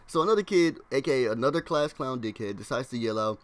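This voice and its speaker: A young man casually telling a story to his vlog audience. He rambles in slang, fills his speech with "like", and acts out classmates' lines in quick impressions. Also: medium pitch, expressive, no room sound.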